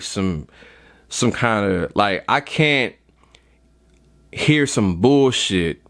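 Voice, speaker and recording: Podcast host, young man, comic rant, swings wildly in pitch, slightly worn out. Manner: animated, swings into high mocking voices. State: a little tired. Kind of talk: comedic rant.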